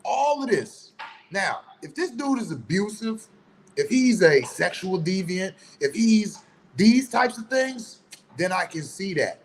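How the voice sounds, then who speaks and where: A man's voice: high voice, very animated, measured pace, a little hiss or hum, rough recording. A man giving a heated, preachy opinion monologue in casual, colloquial speech. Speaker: online commentator.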